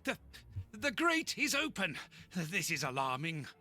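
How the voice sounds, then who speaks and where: Brief: loyal game sidekick doctor, bright, lively, slightly anxious. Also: male voice, high-pitched, unhurried, soft background music, heavily acted. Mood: earnest. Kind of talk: video game voice acting.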